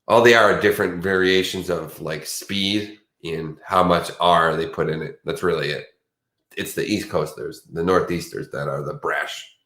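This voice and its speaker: A man's voice: deep voice, steady tone, moderate pace, pushed and bright, roomy sound. A man hosting a livestream in casual, rambling chat, chatty and self-mocking. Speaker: livestream host.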